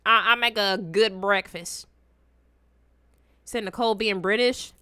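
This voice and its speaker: A young woman, chatting casually as she reacts to a video and her chat, teasing and swinging between loud outbursts and low mutters. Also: fairly even intonation, a little slow, no echo, clean studio sound.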